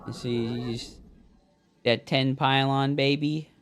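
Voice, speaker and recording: A man's voice: mid-range voice, steady tone, slow pace, faint music behind. A man streaming a strategy game, talking casually to his chat, swearing and venting frustration while explaining his build. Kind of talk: casual livestream talk over gameplay.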